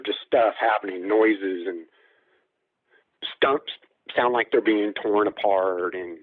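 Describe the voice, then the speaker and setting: A man with a fairly low voice recounts a personal encounter as a guest caller. He rambles through the story with fillers and quotes what people said, and his voice sounds dry and close, with no room around it. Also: dry recording, poor audio.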